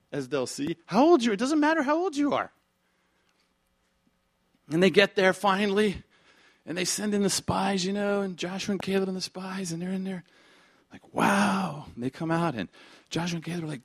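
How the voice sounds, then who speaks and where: A man preaching a sermon as pastor, animated, acting out quick character voices and swinging from soft asides to loud emphasis. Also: sits high, dry recording, clean studio sound. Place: church.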